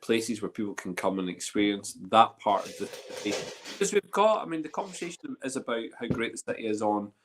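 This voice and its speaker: Low-voiced enthusiastic man. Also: fairly quick, background noise. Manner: enthusiastic, restarts and trails off often. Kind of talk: casual chat.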